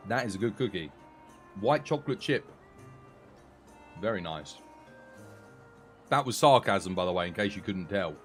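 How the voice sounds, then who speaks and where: A man's voice: fairly low pitch, expressive, normal speed, pauses often, soft background music. A man streaming a game, chatting casually with a dry, sarcastic, rambling manner. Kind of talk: casual live-stream chat.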